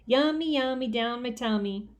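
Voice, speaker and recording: A bossy, excitable five-year-old girl squeals and sings her words, as a woman reading a storybook puts her on. The voice sits high and bounces with glee. It suits a children's audiobook. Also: moderate pace, lightly acted. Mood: playful. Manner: high sing-song, squealing.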